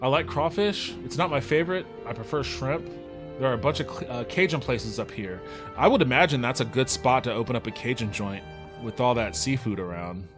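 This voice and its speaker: A man's voice: medium pitch, fairly quick. A man talks through his gameplay in a loose, rambling way. He drifts into jokey asides and swears when a fight goes badly. Faint game music plays behind him. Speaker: let's play host. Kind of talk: casual gameplay commentary.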